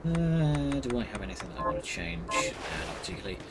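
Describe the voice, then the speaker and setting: A man's voice: mid-range voice, sing-song, fast talker, noisy background. A man giving casual, sardonic commentary while streaming a game. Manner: dry, sardonic, wandering. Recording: voice over loud game music.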